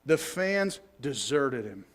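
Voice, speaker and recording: A man pastor preaching a sermon, retelling scripture in a conversational, animated way with playful asides. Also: medium pitch, slow pace.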